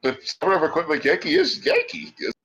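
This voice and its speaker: A man's voice: fairly high pitch, wildly swooping pitch, fast, fairly bright tone, dull audio. A man playing a tabletop game, explaining in casual chat. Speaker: player.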